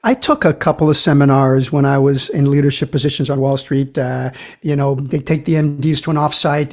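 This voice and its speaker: A man's voice: a little high, darkish tone. A man hosting a podcast, asking casual, rambling questions with many restarts. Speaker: podcast host.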